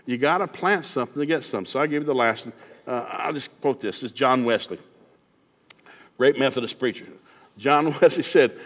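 A man from East Tennessee with a Southern accent, preaching a sermon in a folksy, animated storytelling way, acting out Bible characters with shouted lines. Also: medium pitch. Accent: Southern American. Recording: long hall reverb.

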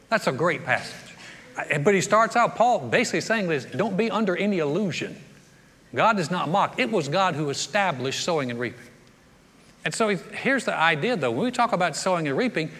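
Folksy pastor, high and bright, sermon in a big reverberant church. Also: male voice, expressive, a little fast, husky. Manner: storytelling, jovial, folksy. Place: large church hall. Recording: long reverb of a large church hall.

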